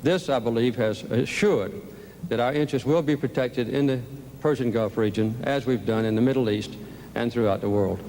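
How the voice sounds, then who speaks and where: Measured man at a debate podium. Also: medium pitch, a little mellow, a little hiss or hum. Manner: measured, deliberate, speechlike. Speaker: presidential debate candidate. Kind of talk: formal debate answer. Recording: archival debate audio with long hall reverb.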